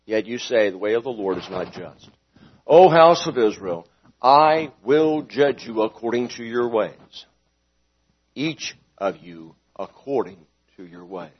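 A man preaching a sermon, swinging between loud emphatic lines and quiet ones, and asking his listeners questions. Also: medium pitch, animated, unhurried, breathy edge. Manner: dynamic preaching with sharp rises and drops in volume; asks the congregation questions. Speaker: pastor. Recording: dull lo-fi sound.

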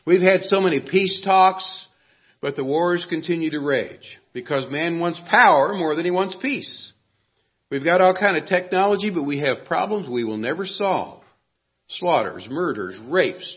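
A man preaching a sermon in an earnest, emphatic way, pausing dramatically on key words. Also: on the high side, animated, slightly rough. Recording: dull lo-fi recording.

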